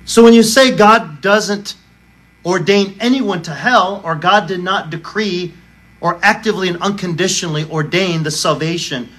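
Pastor guy preaching hard, kinda high voice for a man, lots of rhetorical questions, argues every point. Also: moderate pace, a bit bright. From United States. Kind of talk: sermon.

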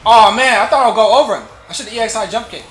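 A man streaming a fighting game, giving excitable running commentary and trash talk between laughs. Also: high voice, fast talker. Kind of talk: live gameplay commentary. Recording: roomy echo with faint game music.

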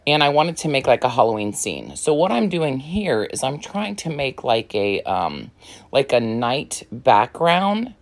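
A woman's voice: rumbling low, very animated, measured pace. A woman crafting vlogger talking casually through her project, slightly out of breath, rambling with many ums and you-knows. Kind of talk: casual crafting tutorial talk.

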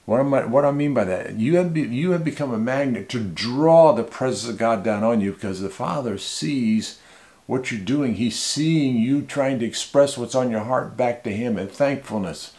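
A man's voice: mid-range voice, moderate pace, darkish tone. Man, pastor, conversational sermon, mid-range voice, frequent restarts.

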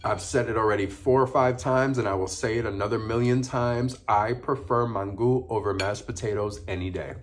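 Man, low voice, casual eating vlog, chatty, savoring murmurs between bites. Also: normal speed, hardly any pauses. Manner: chatty, savoring food with frequent mm sounds. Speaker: mukbang vlogger.

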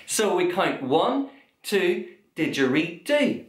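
A young man leading an energetic children's drum class, counting out loud and cheering the kids on. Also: on the high side, measured pace. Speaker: drum workshop leader. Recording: echoey room with drum music.

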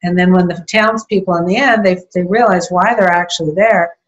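A woman's voice: on the low side, steady tone, brisk, highs cut off, slight background noise. An older woman chatting casually as an interview guest, rambling through a story with small laughs. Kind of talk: casual conversation.

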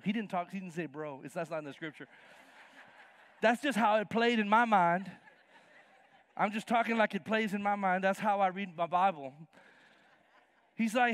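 Animated high-voiced preacher. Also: male voice, normal speed, pauses often, no echo, clean studio sound. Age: 50s. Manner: animated, acts out Bible characters in slangy voices. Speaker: pastor. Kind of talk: sermon. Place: church sanctuary.

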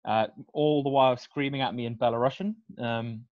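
A man's voice: medium pitch, fairly even intonation, brisk, dry recording. A young man, a podcast guest telling a story in casual, self-deprecating chat. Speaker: guest cyclist. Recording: dry, slightly dull audio.

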